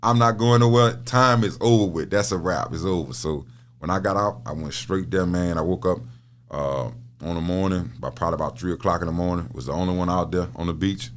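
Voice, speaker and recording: A middle-aged man with a very low voice chats as a podcast guest. He tells his stories loosely, repeating words and laughing often. A faint hum sits under the voice. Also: fairly even intonation, brisk. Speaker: podcast guest, prison minister. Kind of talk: casual interview talk.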